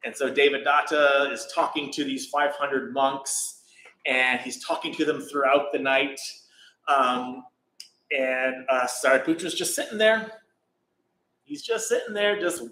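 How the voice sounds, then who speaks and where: A man's voice: on the high side, a bit bright. A man, a meditation teacher, tells a teaching story informally, rambling with many fillers and restarts, in an echoey room. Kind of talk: dharma talk, storytelling.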